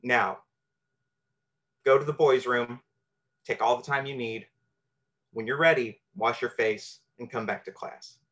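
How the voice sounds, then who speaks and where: A man voicing a kind woman teacher who speaks cool, casual and gentle. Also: mid-range voice, steady tone, measured pace, long pauses, close to an everyday voice. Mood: calm.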